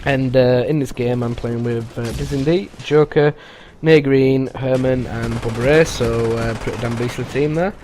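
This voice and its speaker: A man giving casual, rambling voice-over commentary on his own gameplay, pausing often with "uh" and restarting sentences. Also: medium pitch, fairly even intonation. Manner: rambling, halting, with frequent "uh" and restarts. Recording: voice-over with loud game gunfire underneath.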